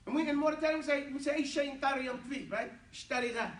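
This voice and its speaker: Brief: high-pitched male teacher, joking and easygoing, in an echoey classroom heard from a distance. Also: racing, fairly bright tone. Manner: playful, joking, switching between English and Arabic. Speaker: Arabic teacher.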